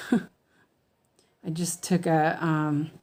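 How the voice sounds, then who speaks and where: Female crafter on a casual livestream; unhurried, meandering delivery with slight lisp. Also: sits low, level tone, a little mellow. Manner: rambling, many fillers and restarts. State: slightly lispy from medicine. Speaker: cross-stitch livestreamer. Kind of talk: casual livestream chat while stitching.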